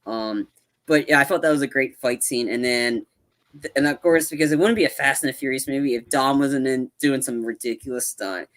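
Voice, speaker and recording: Podcast co-host, male, animated scene-by-scene recap, heavy on "like". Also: medium pitch, a little fast. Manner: animated retelling, acts out quotes, lots of fillers. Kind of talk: casual movie review chat.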